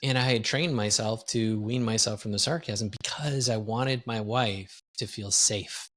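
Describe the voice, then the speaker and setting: A man's voice: on the low side, measured pace, a bit bright. A man from Wisconsin, a guest executive coach telling a candid, self-deprecating story in a podcast interview.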